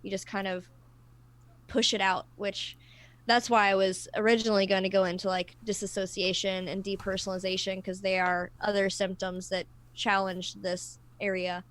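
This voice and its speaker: A woman's voice: mid-range voice, little pitch movement, normal speed, a bit bright. A woman co-hosting a casual panel discussion, explaining ideas thoughtfully with personal examples and frequent restarts. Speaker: co-host of a discussion livestream.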